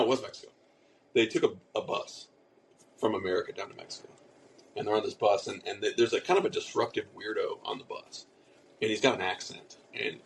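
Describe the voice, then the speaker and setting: A man's voice: fairly low pitch, slight background noise, rough recording. A man co-hosting a casual podcast, telling a rambling story with casual swearing and lots of restarts. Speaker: podcast co-host.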